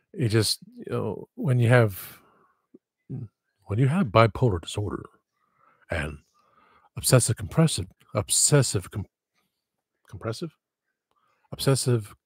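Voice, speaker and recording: A man's voice: fairly low pitch, husky, no echo, clean studio sound. A man hosting a livestream, chatting in a rambling, digressive and self-deprecating way. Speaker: livestream host. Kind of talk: casual livestream chat.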